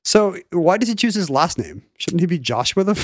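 Man, podcast co-host, wry quips, somewhat high voice, dry sound. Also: very animated, measured pace, no room sound. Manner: wry, quipping interjections. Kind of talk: casual chat.

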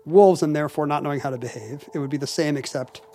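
A man's voice: a little high, fast talker, dark tone, faint music behind. Dry-humored male podcast co-host. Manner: dry, wry humor, reading listener mail. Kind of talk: casual chat.

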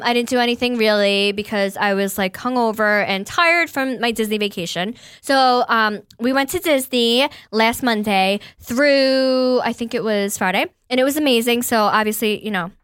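Casting: a teasing, foul-mouthed woman in her thirties, casual podcast host, voice on the high side. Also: normal speed, hardly any pauses, a bit bright, clear, resonant tone, no echo, studio quality. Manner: blunt, profane, teasing. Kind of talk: casual chat.

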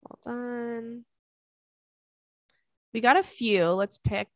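A woman's voice: a little high, fairly even intonation, very slow, no echo. A young woman hosting a podcast, reading out listener emails and chatting in a bubbly, crude, joking way, laughing often. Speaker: podcast host and stand-up comic.

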